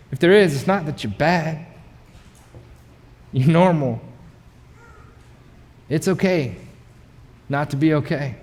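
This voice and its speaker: High-voiced preacher in a reverberant hall. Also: male voice. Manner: energetic, conversational preaching with shouted asides. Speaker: pastor. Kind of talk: sermon. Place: large church auditorium. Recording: long reverb of a big hall.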